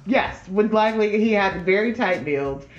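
A woman on a podcast telling a dating story in a casual, lively way, acting out both sides of the conversation. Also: medium pitch, normal speed, reverberant, dull audio. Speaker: podcast guest.

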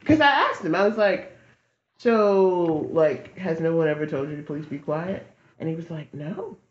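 A woman on a podcast telling a dating story in a casual, lively way, acting out both sides of the conversation. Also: low voice, moderate pace, echoey room, muffled recording. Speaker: podcast guest.

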